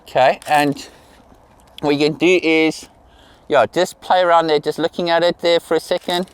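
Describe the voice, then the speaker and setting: A man's voice: a little high, fairly even intonation, normal speed, clean tone. A middle-aged man working as a portrait photographer outdoors in a field, directing a model and praising every pose with the same encouraging words again and again. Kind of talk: directing a model during a shoot.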